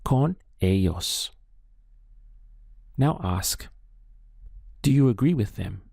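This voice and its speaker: A Spanish teacher leads a slow spoken language lesson, unhurried and deliberate, pausing so listeners can answer. His low, dark voice is creaky yet lively in intonation, and the recording is dry and close.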